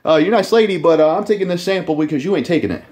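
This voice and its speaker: A man's voice: a little high, racing, darkish tone, voice pushed up, close to an everyday voice. A man riffing as a swaggering wisecracking photojournalist, full of brash talk and cursing, barely changed from his everyday voice. A game hero who brags about his scoop and picks fights with anyone in his way. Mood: cocky.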